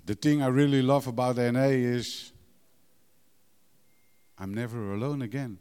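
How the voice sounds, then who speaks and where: A man's voice: mid-range voice, steady tone, measured pace, mellow, clean tone. A middle-aged man candidly telling his recovery story in broken English, blunt and emotional, swearing freely. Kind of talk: candid personal testimony. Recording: long hall reverb.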